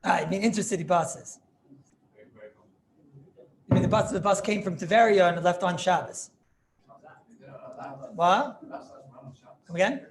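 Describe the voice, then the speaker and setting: A man, a rabbi, giving an informal class in a chatty, animated way, often checking whether his students understand. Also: high-pitched, a little slow, vocal fry, pauses often.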